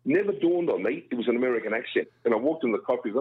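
A man's voice: mid-range voice, lively intonation, very fast, husky. A middle-aged Australian man, a guest broadcaster, telling jokey, self-deprecating stories in casual radio chat. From Brisbane, Australia. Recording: tinny phone line.

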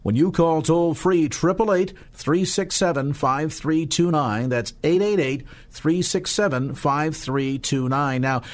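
A man hosting a radio fundraising appeal, talking fast and slowing down to repeat phone numbers. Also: a little high.

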